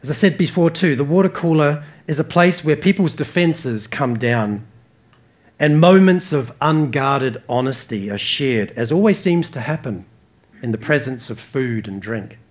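A man with an Australian accent preaching a sermon earnestly, rising emphatically and dropping soft. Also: medium pitch, animated, unhurried. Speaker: pastor.

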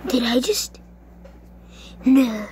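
A woman giving casual, excitable gameplay commentary, shrieking and cursing at what happens in the game. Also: on the high side, extremely slow, slight background noise. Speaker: gamer.

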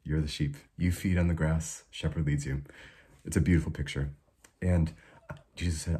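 A young man giving an informal devotional talk, soft-spoken and unhurried, with many fillers and restarts. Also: a bass voice, fairly even intonation, breathy edge. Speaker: preacher.

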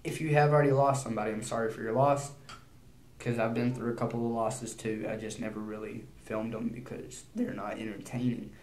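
A teenage boy vlogging in a casual, rambling way, nervous and prone to quick bursts of speech. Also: medium pitch, flat delivery, darkish tone, reverberant, a little hiss or hum. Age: teens. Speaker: YouTuber.

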